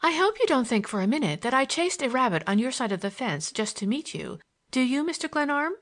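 A teasing young woman chatters at a quick, breathless clip, mocking and light, as a woman reader voices her. Her voice leaps high and swings widely from phrase to phrase. It is an audiobook character with a lively lilt. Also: full character voice.

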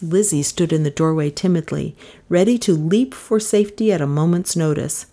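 A woman reading a mystery novel aloud, expressive and rising in pitch at tense moments. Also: normal speed. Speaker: audiobook narrator. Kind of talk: dramatic audiobook narration.

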